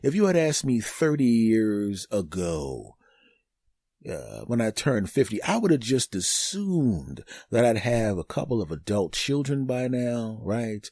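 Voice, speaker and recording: A man's voice: fairly low pitch, a little slow, no echo. A fifty-year-old man hosting his own comedy podcast, riffing alone and acting out bits of mock dialogue. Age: 50s. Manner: animated, acts out mock dialogue in bursts; laughs at his own jokes. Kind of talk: solo comedic podcast monologue.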